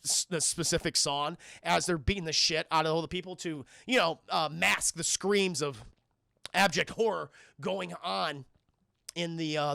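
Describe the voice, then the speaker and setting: Streamer guy, high gravelly voice, bright tone, profane and rambling, talks to chat. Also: no room sound, studio quality. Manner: rambling, profane, laughs often, addresses chat. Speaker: film review streamer. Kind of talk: casual profane film recap to live chat.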